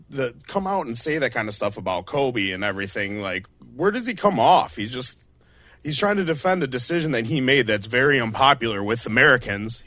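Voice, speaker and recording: A man co-hosting sports radio, building an emphatic, indignant rant. His pitch swings widely as he presses each point. The studio mic sounds dry and close. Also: a bit bright, no echo.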